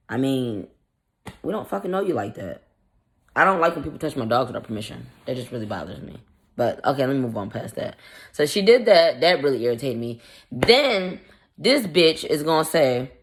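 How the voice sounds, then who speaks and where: A woman vlogger casually telling a story in a blunt, profane, irritated way, acting out the quoted dialogue. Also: low-pitched. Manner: animated, acts out the quoted dialogue.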